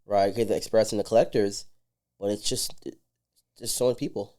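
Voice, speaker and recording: Brief: male podcast guest, rapid delivery, mellow dark tone, lively storyteller. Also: lowish voice. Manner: animated storyteller who acts out dialogue. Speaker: entrepreneur guest. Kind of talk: casual podcast chat.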